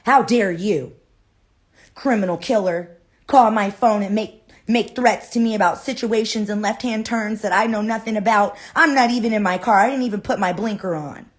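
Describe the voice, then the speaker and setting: A woman's voice: sits low, moderate pace, long pauses, pitched below the performer's own voice, close to an everyday voice. A woman voicing a prim, indignant neighborhood woman who scolds in proper, outraged tones.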